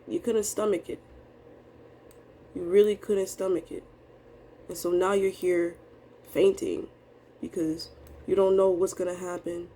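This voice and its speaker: A young woman venting in a low, confessional way, rambling and dejected with casual slang. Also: mellow, slight background noise. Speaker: vlogger day trader. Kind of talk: emotional live trading vlog.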